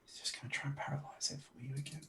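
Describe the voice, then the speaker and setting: A man's voice: mid-range voice, little pitch movement, very fast, fairly bright tone, slight background noise, rough recording. A man who is the game master of a tabletop game, calling rolls in an easygoing, apologetic way.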